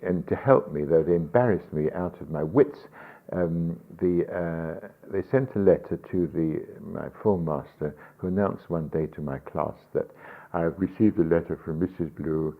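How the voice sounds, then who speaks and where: An older man with a very low voice tells rambling, amused stories in a radio interview, laughing often and pausing on ums. The sound is thin and tinny, like an old telephone line. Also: gravelly. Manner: chuckling, anecdotal storytelling with frequent hesitations. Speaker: rabbi and guest.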